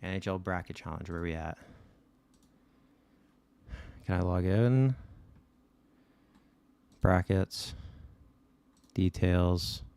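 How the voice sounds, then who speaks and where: A man hosting a live stream, chatting casually and excitedly with his viewers and swearing freely. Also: sits low, slow, gravelly, pauses often, clean tone. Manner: excitable, swearing, talking straight to chat.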